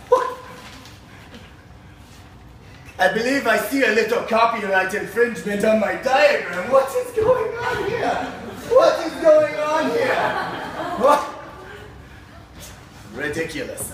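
A man's voice: high voice, expressive, normal speed. A man playing a pompous, self-satisfied German mad surgeon with a mock German accent in a comic monologue. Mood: smug. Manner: grandiose, smug, bursts into shouting rants. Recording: echoey room, distant mic, faint noise.

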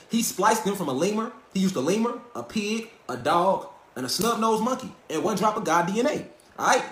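A man's voice: high-pitched, fairly bright tone. A man giving a preachy, swaggering solo lecture, profane and emphatic, hammering his points with repeated rhetorical questions. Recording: echoey room.

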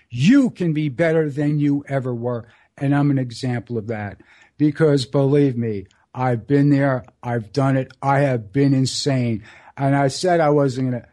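A man in his sixties hosting a solo radio show, telling stories in a rambling, earnest way and slowing down for emphasis. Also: fairly high pitch, warm tone. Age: 60s. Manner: rambling, earnest storytelling with dramatic slow emphasis. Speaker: radio host.

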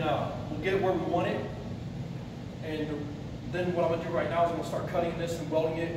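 Joking man in an echoey shop. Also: a little high. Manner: joking, self-deprecating. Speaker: metal fabricator. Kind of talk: casual shop talk while working. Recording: roomy shop echo with loud noise.

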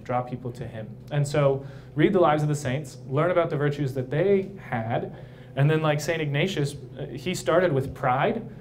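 A man's voice: on the high side, a little mellow, a little hiss or hum. A man, a priest, giving a casual, playful talk to a live crowd of young adults at a brewery, often checking in with the audience by asking "right?".

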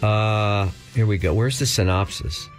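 A man's voice: on the low side, a little slow, faint music behind. A man co-hosting a radio show, protesting and flustered in loose banter. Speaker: radio co-host.

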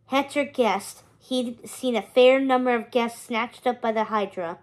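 A woman teacher reading a chapter book aloud, in steady storytelling narration with small stumbles and restarts. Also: a little high, a little slow, few pauses.

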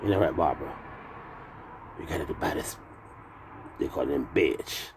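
A man's voice: extremely low pitch, measured pace, darkish tone, a little hiss or hum. A man who has been drinking, rambling through a profane, meandering monologue full of wordplay. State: tipsy from drinking.

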